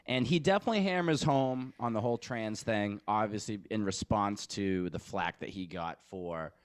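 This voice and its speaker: A man's voice: lowish voice, moderate pace, no echo. A man hosting a podcast, talking in rambling, profane casual banter and laughing often. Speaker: podcast host. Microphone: podcast studio mic.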